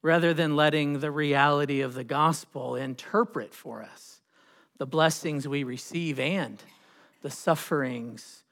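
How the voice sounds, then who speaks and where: A man preaching a sermon as pastor, telling a story with dramatic pauses and swelling emphasis. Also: a little high, fairly bright tone. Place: church sanctuary. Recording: long reverb of a church hall.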